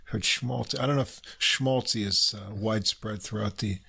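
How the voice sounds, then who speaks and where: A man's voice: on the low side, moderate pace, creaky, pushed and bright, slightly rough. A laid-back man co-hosting a music podcast, chatting casually and often agreeing in short replies. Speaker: podcast co-host. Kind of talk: casual music review chat.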